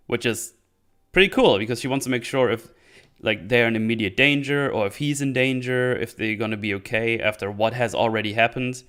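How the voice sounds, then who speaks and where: A man hosting his own show, casually retelling scenes with filler words and quick quoted lines. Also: fairly low pitch, a bit bright, smooth. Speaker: podcast host recapping a series. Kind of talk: casual chat.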